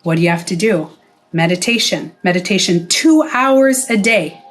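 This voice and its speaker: Animated and at a moderate pace, a middle-aged woman with a medium-pitched voice speaks straight to camera in a casual vlog with soft background music. Formerly a spa owner, she's blunt, swears freely, and voices the people she quotes.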